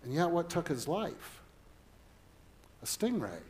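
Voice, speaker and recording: A man's voice: a little high, big pitch swings, slow, a little mellow. A middle-aged man, a pastor, preaching a sermon in an earnest way and weaving in personal stories.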